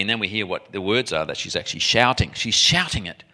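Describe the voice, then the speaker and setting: A man preaching a sermon in an animated, emphatic way, often restarting his sentences. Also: fairly low pitch, fast.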